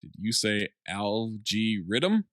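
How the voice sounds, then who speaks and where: A man's voice: fairly low pitch, big pitch swings, takes it slowly, a bit bright, no echo. Dry-voiced man recapping a movie. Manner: plot-summarizing, dry jokey asides. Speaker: podcast host recapping a film. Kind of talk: casual movie recap podcast.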